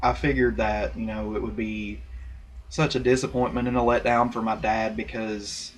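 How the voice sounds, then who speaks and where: A man's voice: on the low side, little pitch movement, moderate pace. A young man recording himself on a laptop webcam, telling a personal story in a rambling, candid way full of fillers and restarts. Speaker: vlogger. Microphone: laptop webcam mic.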